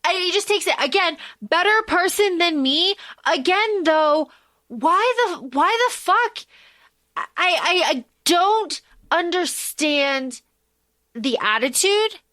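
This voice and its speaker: A woman's voice: very high-pitched, lively intonation, slow pace, bright, forceful tone, no echo. A woman co-hosting a podcast in casual chat, emphatic and swearing freely. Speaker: podcast co-host.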